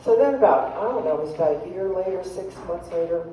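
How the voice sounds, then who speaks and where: A woman's voice: lowish voice, lively intonation, fast, dark tone. A woman comedian telling chatty, self-deprecating stories to a live audience, laughing at her own jokes. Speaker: guest comedian. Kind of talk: comedic storytelling. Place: church hall with live audience. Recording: echoey hall, distant mic, faint noise.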